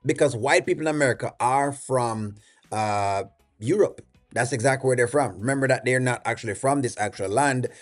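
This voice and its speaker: A man's voice: medium pitch, fairly quick. A man with a Jamaican accent hosting a reaction video, giving rambling, opinionated commentary full of fillers. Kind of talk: casual commentary.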